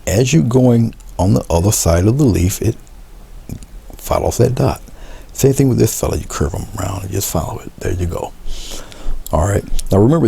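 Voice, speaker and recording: A man teaching a painting demonstration, talking relaxed as he paints, repeating short coaching phrases and often trailing off into a murmur. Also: sits low, vocal fry, slightly rough. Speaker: art instructor.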